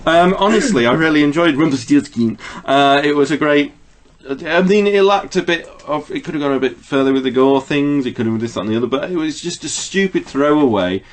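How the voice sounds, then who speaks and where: A man's voice: fairly high pitch, animated, brisk. A man hosting a casual film-review podcast chat, rambling and chuckling between his points.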